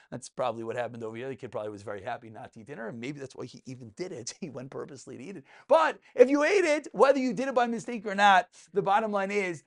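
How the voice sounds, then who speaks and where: A man teaching a lively Talmud class to students in a room, asking and answering his own questions and joking along the way. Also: fairly high pitch. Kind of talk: lively spoken Torah class.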